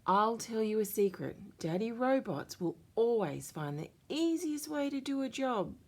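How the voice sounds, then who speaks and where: An Australian woman voicing a calm, patient mother dog, gentle and reassuring. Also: fairly high pitch, a little slow, pitched above the performer's own voice, full character voice.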